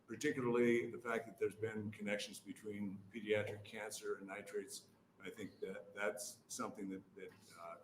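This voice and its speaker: A man gives earnest testimony to a committee, stumbling and restarting as he hurries. His voice sits on the low side and echoes in a roomy hearing chamber. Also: a little hiss or hum. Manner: earnest, stammering, many restarts. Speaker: witness testifying. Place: hearing room.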